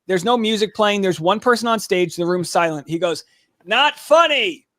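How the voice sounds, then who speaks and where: A man with a notably high voice tells stories in a casual podcast interview. He talks animatedly, full of quick restarts and asides. He sounds close and dry on the mic, with no room sound. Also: no echo. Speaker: comedian and podcaster, guest.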